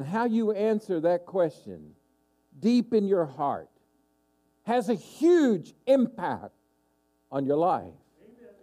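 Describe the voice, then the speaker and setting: A male pastor preaching with a lively, swooping delivery that climbs and falls as he presses his point. His voice sits a little high for a man yet sounds dark and mellow. He drives home each question by repeating it with emphasis. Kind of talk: sermon.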